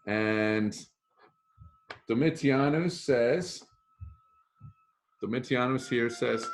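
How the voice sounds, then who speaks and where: A middle-aged man teaching a casual recorded lesson. He talks slowly in a lowish voice and rambles, pausing and correcting himself as he goes. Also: animated, fairly bright tone. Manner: chatty, rambling, self-correcting. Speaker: Latin teacher.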